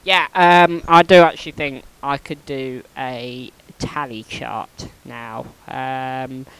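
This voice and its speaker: Loud bright-voiced guy. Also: mid-range voice, steady tone, takes it slowly, gravelly, a little hiss or hum, rough recording. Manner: loud, prone to shouting; mumbling with many ums when serious. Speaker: podcast co-host. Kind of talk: casual banter.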